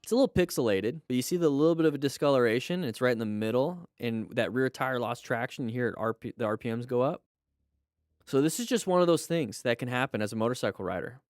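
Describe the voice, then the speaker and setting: A man hosting a live stream, reviewing motorcycle crash videos and coaching viewers with lively exclamations. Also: mid-range voice, fast, no echo, clean studio sound.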